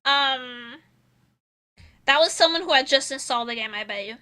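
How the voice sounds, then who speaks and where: A woman's voice: high-pitched, moderate pace, sharp tone, clean tone. A young adult woman streaming, chatting casually in a self-mocking way and swearing freely. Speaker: vtuber streamer.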